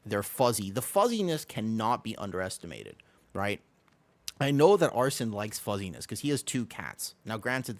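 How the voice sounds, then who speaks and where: Animated rambling male game streamer. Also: mid-range voice. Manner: rambling, animated, laughs often, talks to chat. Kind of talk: casual livestream chat while gaming.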